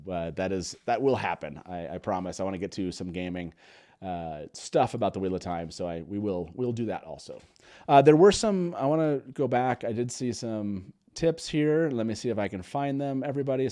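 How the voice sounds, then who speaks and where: His voice is fairly low and dark, at a normal speed. The young man, a podcast host, chats casually on a live stream, upbeat and laughing often, with plenty of fillers.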